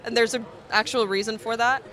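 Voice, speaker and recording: Woman w an american accent, grew up in russia, chatty and frank, bright clear voice, out on a city street. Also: a little high, fairly even intonation, a little fast. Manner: chatty, frank and laughing easily. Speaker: interviewee. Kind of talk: casual street interview.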